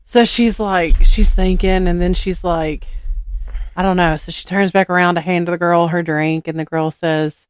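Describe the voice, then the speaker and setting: A podcast co-host with a Southern American accent and a steady, smooth voice improvises a rambling story at normal speed. She's hesitant and restarts often, voicing characters with small lifts in pitch. There's no echo.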